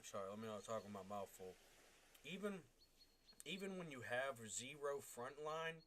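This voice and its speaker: A man's voice: medium pitch, expressive, moderate pace. A man streaming a tank game, ranting bluntly and with some profanity as he plays. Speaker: gaming streamer. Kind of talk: gameplay commentary. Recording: game noise loud underneath.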